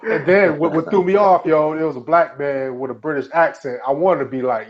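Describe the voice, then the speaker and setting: A man's voice: on the high side, brisk. A man on a podcast who tells rambling, laid-back stories in a casual chat. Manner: rambling storytelling with fillers and restarts. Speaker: podcast co-host. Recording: dull lo-fi recording.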